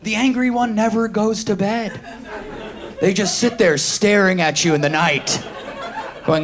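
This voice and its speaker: Man, New York accent, stand-up comic, high-pitched, brash and profane, live crowd laughing. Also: unhurried. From New York City, Queens. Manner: brash, profane, acts out quoted voices. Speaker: stand-up comedian. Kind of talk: stand-up comedy set. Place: live comedy stage. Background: audience laughter.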